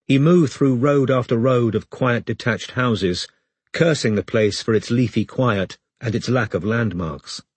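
A man narrating an audiobook in a measured storytelling manner, close to the mic. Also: medium pitch, slightly rough, no echo.

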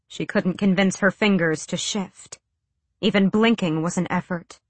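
A woman's voice: fairly low pitch, measured pace, no room sound. A woman narrating a fantasy audiobook with a dramatic, tense delivery.

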